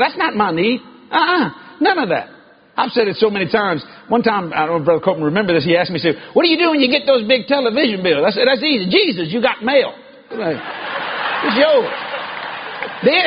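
A middle-aged man preaching a sermon in an animated storytelling way, shouting and laughing as he goes. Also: very high-pitched. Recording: dull lo-fi recording.

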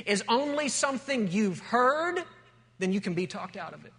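A man with a high, light voice preaches a sermon. He moves from storytelling into emphatic, rising declarations. His voice rings with the long reverb of a large church hall. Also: lively intonation, measured pace, sharp tone, husky. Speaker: pastor.

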